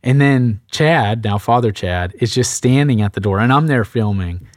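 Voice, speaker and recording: A young man, a priest, telling a seminary story in casual chat, lively and laughing, acting out the voices he quotes. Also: mid-range voice, moderate pace, no echo.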